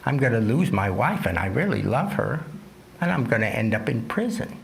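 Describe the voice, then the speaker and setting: Brief: man playing a burly, sly woodcutter, mock-innocent and jolly, gravelly undertone. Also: medium pitch, big pitch swings, moderate pace, a little hiss or hum. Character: big strong cunning woodcutter, cheerful and sly.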